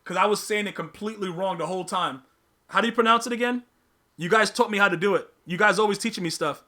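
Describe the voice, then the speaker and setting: A man's voice: sits high, quick pace, sharp tone. A man hosting a live podcast stream, chatting casually with his viewers, using slang, repeating himself and teasing the chat.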